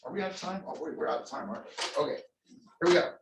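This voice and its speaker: A man leading a motivational real estate sales training for a live audience, energetic and preachy, calling on people by name. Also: a little high, fast talker, vocal fry, background noise. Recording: echoey room.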